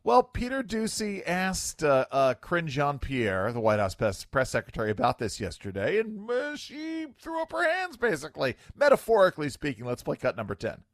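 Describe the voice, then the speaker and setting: A man hosting talk radio, his pitch swinging widely as he riffs on clips with a wry edge. The studio sound is dry and close. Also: a little fast, hardly any pauses, no echo. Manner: wry, animated, filler-heavy. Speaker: radio talk show host. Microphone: studio microphone.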